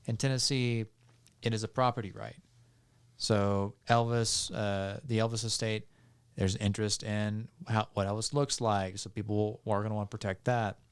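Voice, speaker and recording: A man, a podcast guest, calmly explaining legal points step by step with frequent fillers and restarts. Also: lowish voice, smooth. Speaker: podcast guest on music law. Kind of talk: explanatory casual talk.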